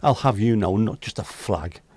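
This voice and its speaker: As host of a virtual pub livestream, a man banters with chat, joking and chatting as he reads viewer comments. He speaks at a moderate pace in a fairly low, darkish voice, with no room sound.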